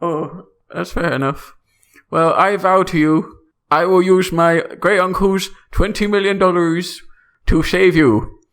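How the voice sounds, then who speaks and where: A man's voice: sits high, steady tone, measured pace, a bit bright, pitched above the performer's own voice. A man voicing Tag, an eager, upbeat young Canadian man, with a put-on Canadian accent. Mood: earnest.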